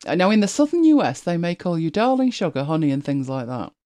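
Chatty woman with lively pitch. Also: fast, dry recording, studio quality. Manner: chatty, laughs often, animated storytelling. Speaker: podcast co-host. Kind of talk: casual chat.

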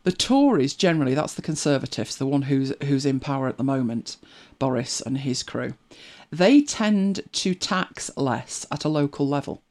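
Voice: medium pitch, expressive, normal speed, hardly any pauses, a little mellow. A middle-aged speaker with an English accent, chatting casually and reflectively as a host, often laughing and trailing into asides. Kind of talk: casual chat.

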